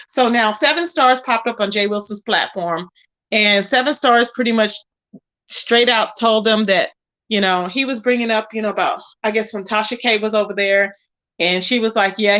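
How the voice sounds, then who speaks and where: A woman with a mid-range, fairly bright voice speaks at normal speed while hosting a casual livestream. She gossips sassily about online drama and greets viewers in the chat by name.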